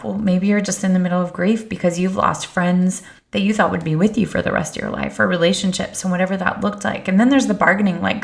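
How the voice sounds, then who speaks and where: A woman's voice: fairly low pitch, steady tone, a little fast, creaky. A middle-aged woman speaking as a podcast guest, telling personal stories in an earnest, reflective way. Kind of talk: candid conversation.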